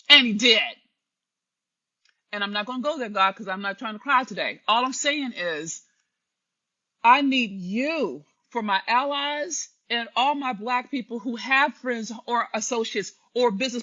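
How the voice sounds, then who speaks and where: Woman commentator, preachy live-stream delivery, slightly husky tone. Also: on the high side, bright, forceful tone. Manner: preachy, emphatic, addresses listeners directly. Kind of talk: impassioned live stream monologue. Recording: dull lo-fi live stream audio.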